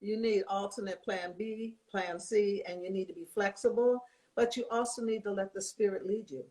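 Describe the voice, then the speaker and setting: An older woman telling lively stories in a casual chat, acting out the people she quotes. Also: mid-range voice. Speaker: guest.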